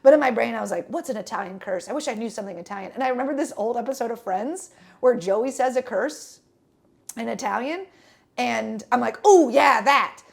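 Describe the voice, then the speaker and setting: A woman's voice: on the high side, expressive, brisk, gravelly. A young woman telling a rambling travel story on a casual podcast, with lots of fillers and restarts. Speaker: podcast co-host.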